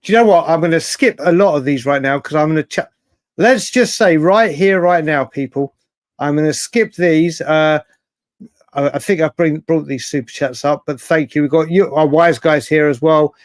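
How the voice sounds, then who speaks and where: A man hosting a late-night fan livestream, chatting excitably and reading out viewer comments. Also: a little high, normal speed, no echo. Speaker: livestream host.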